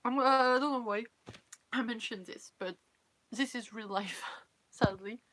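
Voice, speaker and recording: A young Frenchwoman with a French accent chats casually and candidly in English, her second language, while cosplay livestreaming. Her voice is a little high, fairly bright, and unhurried, with a faint hiss or hum in the audio.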